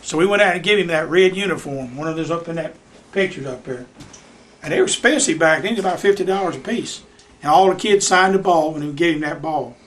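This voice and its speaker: A man's voice: on the high side, brisk, fairly bright tone, slight background noise. An older man telling folksy stories about coaching youth baseball, at home in his living room. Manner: folksy Southern storyteller, acts out voices in his anecdotes. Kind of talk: storytelling in a home visit.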